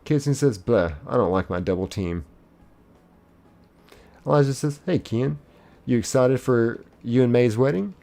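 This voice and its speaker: A man's voice: mid-range voice, lively intonation, unhurried, vocal fry, long pauses, warm tone. A man streaming live, casually reading viewers' chat messages aloud in a chipper lilt and chatting back.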